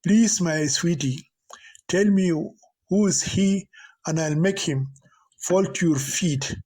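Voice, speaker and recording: A man's voice: high-pitched, takes it slowly, darkish tone, breathy edge, full character voice. A man as a coaxing lustful sorcerer. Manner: coaxing, wheedling.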